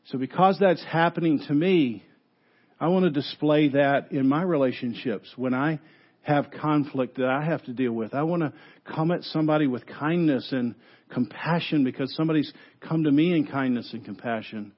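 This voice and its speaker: Guy pastor giving a sermon, lively storytelling, kinda muffled church recording. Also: on the high side, normal speed. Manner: animated storytelling with repeated restarts.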